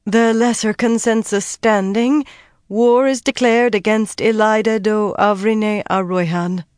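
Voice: mid-range voice, fairly quick, no echo, clean studio sound, voice pushed up, close to an everyday voice. A narrator voicing a nervous woman keeping a council's procedure, speaking formally but unsteadily.

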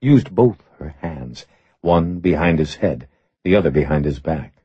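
A man narrating an audiobook in a measured, steady reading voice. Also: a bass voice, husky, no echo. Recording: slightly muffled recording.

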